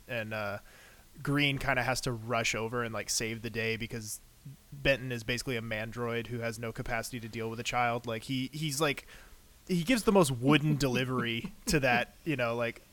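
A man's voice: mid-range voice, a bit bright. A man co-hosting a casual podcast, rambling through his opinions on TV episodes with many fillers. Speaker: podcast co-host. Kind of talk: casual TV recap chat.

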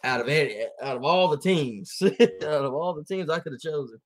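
A man chatting casually on a podcast, telling animated stories and laughing often. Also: fairly high pitch, moderate pace. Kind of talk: casual chat.

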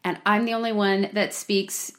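A woman's voice: medium pitch, little pitch movement, moderate pace, a bit bright. Woman, podcast co-host, casual chat, rambling and giggly storyteller.

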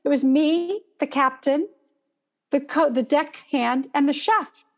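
A woman telling a personal story in casual conversation, animated and acting out gasps as she goes. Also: high voice, slow. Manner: animated, acts out gasps and panicked breathing.

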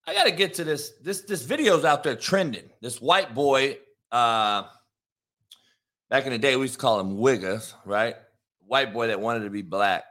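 A man's voice: medium pitch, animated, normal speed. A man from Compton ranting crudely and mockingly in a commentary vlog. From Compton, California, USA. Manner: crude, mocking, loud, laughs at own jokes. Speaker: vlogger.

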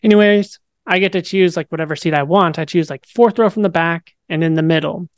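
A young podcast guest tells his own story in a relaxed, chatty way, using lots of filler words and growing animated as he goes, with a mild flavor to his speech. His voice is a little high and a little fast. The recording is close and dry, with no room sound.

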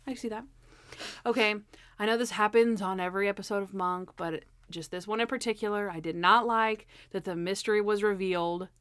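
A woman's voice: mid-range voice, fairly quick, clean tone, dry recording. Chatty woman retelling scenes in dry room. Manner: animated, retells scenes with acted voices. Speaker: podcast co-host. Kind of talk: casual chat reviewing a TV episode.

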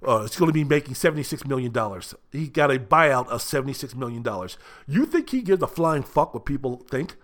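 A man hosting a solo sports talk show, ranting with profanity and shouting. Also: mid-range voice, lively intonation, a little fast.

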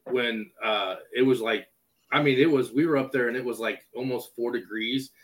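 A man tells a story in a casual chat, animated and acting out each exchange. His voice sits at an ordinary pitch. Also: moderate pace, rough recording. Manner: animated storyteller, acts out dialogue.

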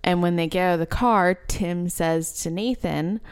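Podcast co-host, female, lowish smooth voice, unhurried recaps of scenes. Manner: recaps scenes, quotes characters, laughs easily. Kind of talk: casual chat.

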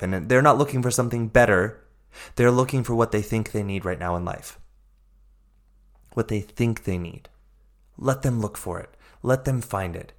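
Male life coach hosting a podcast, emphatic, repetitive, encouraging. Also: medium pitch. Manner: emphatic, repetitive, encouraging, addresses listeners as friends. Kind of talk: motivational podcast monologue.

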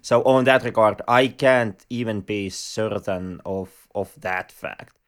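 Slow, smooth, formal-spoken man. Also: fairly low pitch. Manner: wordy, formal phrasing. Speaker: podcast co-host. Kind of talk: casual film discussion.

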